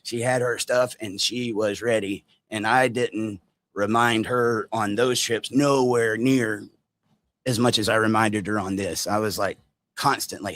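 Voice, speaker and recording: A man vlogging a story to his viewers, animated and direct, acting out quotes as he goes. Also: on the low side, measured pace. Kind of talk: storytime vlog.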